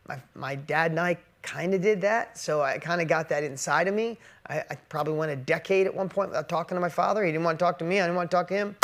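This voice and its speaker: Emotional man giving a motivational talk. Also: fairly high pitch. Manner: emotional, swings from loud emphatic to quiet. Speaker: business speaker.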